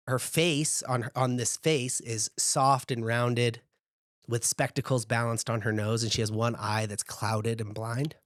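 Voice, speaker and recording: A man narrating a tabletop game as game master, describing scenes at an unhurried pace with casual asides. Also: mid-range voice, no room sound, studio quality.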